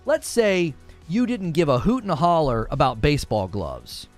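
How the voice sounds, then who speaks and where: A man's voice: fairly high pitch, sing-song, moderate pace, soft background music. A man hosting a talk show, giving argumentative and sarcastic commentary and laughing at his own points. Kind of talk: opinionated commentary.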